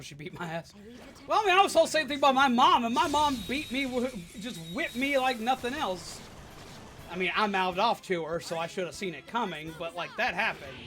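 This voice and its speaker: A young adult livestream host telling a work story in an animated, sarcastic rant while chatting with viewers. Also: mid-range voice. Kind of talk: live stream storytelling rant.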